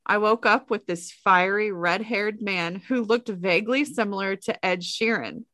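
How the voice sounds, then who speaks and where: Young woman co-hosting a podcast in a relaxed, chatty way, with a mid-pitched voice. The sound is dry and close, without any room echo. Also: normal speed. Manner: relaxed and chatty, laughs easily. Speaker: podcast co-host. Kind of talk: casual podcast chat.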